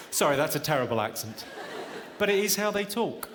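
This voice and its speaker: Dry comic on a theater stage. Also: male voice, fairly high pitch, very animated, heavy background noise. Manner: dry, quick-witted, teasing the audience. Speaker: stand-up comedian. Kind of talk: stand-up comedy with crowd work. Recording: reverberant hall, loud audience laughter.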